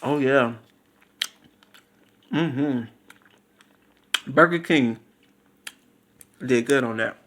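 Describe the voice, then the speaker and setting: A man doing a casual food review vlog, talking slowly and savoring each bite, recorded on his phone. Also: medium pitch, a bit bright, slight background noise. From Louisiana Creole. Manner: slow, savoring, breaks into crooning and moans between bites. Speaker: food vlogger. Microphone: phone camera.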